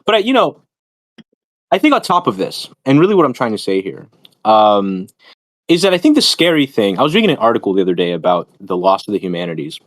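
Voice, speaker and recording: A man with a lowish voice and a lively, swooping pitch, talking at length in a rambling, lecturing way. He digresses often and fills gaps with "um" and "like". The sound is dry and close, with no room around it. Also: quick pace, no room sound. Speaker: streamer host. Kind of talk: casual chat about philosophy and academia.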